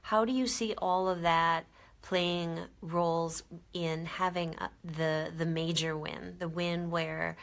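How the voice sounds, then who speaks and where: A woman's voice: on the low side, fairly even intonation, takes it slowly, vocal fry. A woman interviewer asking long, rambling questions in a casual interview.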